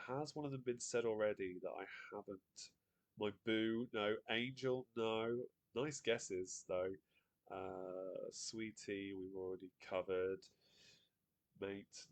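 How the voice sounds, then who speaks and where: A man hosting a live online quiz, chatty, reading out viewer guesses and laughing often. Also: fairly low pitch. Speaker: quiz host.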